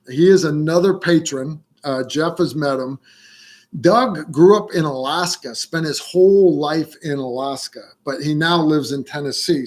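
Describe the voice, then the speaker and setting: A middle-aged man hosts a casual livestream and tells stories at an unhurried pace. His voice sits a little high for a man, and he fills pauses with plenty of ums and uhs. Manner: relaxed storytelling with frequent fillers. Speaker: livestream host answering viewer questions.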